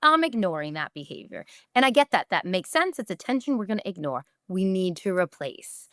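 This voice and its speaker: A woman's voice: mid-range voice, big pitch swings, fairly quick, dry recording, studio quality. A woman, a podcast host giving direct, emphatic parenting advice and briefly acting out what parents and children say.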